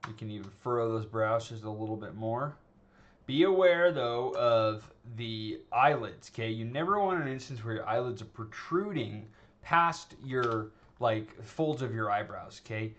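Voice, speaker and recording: A man's voice: mid-range voice, animated, moderate pace, fairly bright tone, muffled recording. A man teaching an animation tutorial in a loose, conversational way, often checking in with "okay?" and "right?" and restarting his sentences. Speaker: animation instructor. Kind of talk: screen-recorded tutorial, casual teaching.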